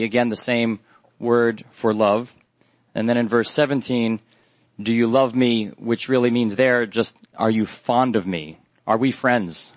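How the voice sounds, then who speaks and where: A man giving an expository Bible study sermon, earnest and halting, lifting his voice on quoted questions. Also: mid-range voice, no room sound, rough recording. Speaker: Bible teacher.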